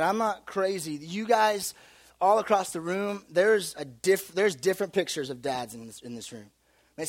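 A young adult man preaching a sermon as pastor, with lively, conversational storytelling and humor. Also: high voice.

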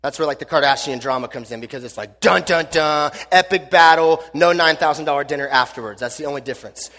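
A man's voice: medium pitch, fast, pushed and bright. A man preaching a casual, joking youth sermon, chatty and full of slang, talking to teens in a church hall. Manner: joking, chatty, uses lots of slang fillers. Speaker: youth pastor. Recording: long hall reverb.

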